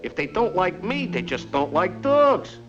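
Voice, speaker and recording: A man voicing a brash, scheming male cartoon dog who talks fast and boastfully, from an old cartoon. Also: high voice, sing-song, highs cut off, over music. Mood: wry.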